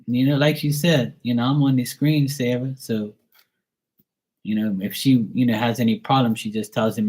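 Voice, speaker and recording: A man's voice: medium pitch, fairly even intonation, normal speed, a little mellow. A middle-aged man reading tarot on a live stream, chatting casually and bantering playfully with viewers in the chat.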